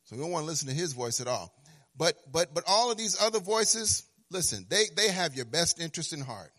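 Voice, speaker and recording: Animated male preacher, high voice, stammers, sing-song peaks. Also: brisk. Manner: animated, acts out dialogues with God, sing-song emphasis; stammering restarts, swings from quiet to loud. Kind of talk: sermon.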